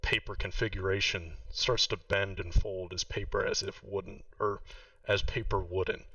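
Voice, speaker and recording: A deep, bright-toned man narrates a tabletop game as game master. He is slow and deliberate, and he often corrects himself. The sound is dry, a little distant and lo-fi. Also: fairly even intonation, dry recording.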